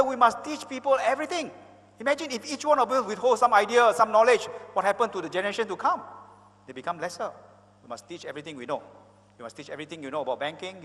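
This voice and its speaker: A man's voice: fairly high pitch, fairly bright tone. A middle-aged Malaysian man giving an emphatic, rousing conference talk with chatty asides, with a Malaysian English accent. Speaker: motivational speaker. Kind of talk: live conference presentation. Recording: reverberant conference hall.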